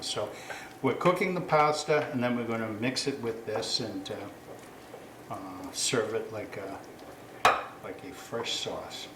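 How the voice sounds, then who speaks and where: A man's voice: mid-range voice, echoey room, noisy background. A man hosting a casual cooking demonstration, chatty and self-correcting, with apologetic asides. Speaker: cooking show host.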